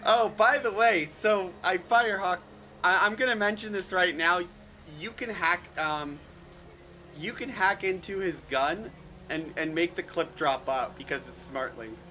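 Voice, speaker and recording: Guy gm running a tabletop game, bright tone, lots of ums, bit of hiss on the mic. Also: high voice, measured pace. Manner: rambling with many fillers and restarts. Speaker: game master.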